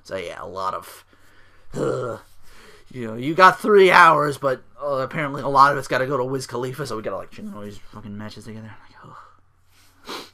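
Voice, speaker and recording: Man, solo podcast host, casual recap, rambling with fillers, swears a lot, bright voice. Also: mid-range voice, animated, a little fast. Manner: rambling, profane, lots of fillers.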